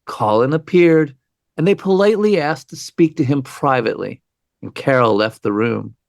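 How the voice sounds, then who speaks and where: A man's voice: mid-range voice, moderate pace, creaky, no room sound, studio quality. A man co-hosting a true-crime podcast, telling the story with wry, conversational asides. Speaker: podcast co-host.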